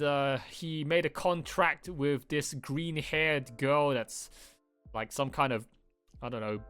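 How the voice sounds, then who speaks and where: Bright-voiced British man, rambling and sarcastic. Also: a little high, clean tone. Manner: rambling, sarcastic, swears often. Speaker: anime reaction host. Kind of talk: casual reaction commentary.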